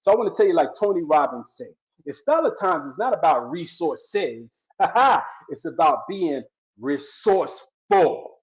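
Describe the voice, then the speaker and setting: A man delivers a motivational speech with the fervor of a preacher, hammering his points through repetition. His voice sits a little high for a man. The recording is dull and lo-fi. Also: big pitch swings, a little slow. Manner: fervent, preacher-like emphasis with repetition. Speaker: guest speaker. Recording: dull lo-fi sound.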